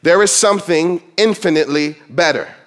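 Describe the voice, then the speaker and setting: High-voiced man preaching a sermon. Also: normal speed, a bit bright. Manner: emphatic preaching, quotes scripture in dramatic voices. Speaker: pastor.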